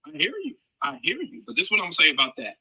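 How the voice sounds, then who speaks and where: A man's voice: on the high side, rapid-fire, breathy edge, rough recording. A man in a live debate, arguing his side in a lecturing, persuasive way. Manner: calm-then-firm, lecturing, persuasive.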